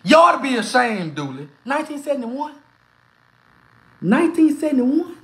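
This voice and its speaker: A hoarse speaker, ranting excitably and trash-talking as a sports fan commentator. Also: high voice, moderate pace. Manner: animated, excitable, heckling. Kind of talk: trash-talking reaction rant. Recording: echoey room.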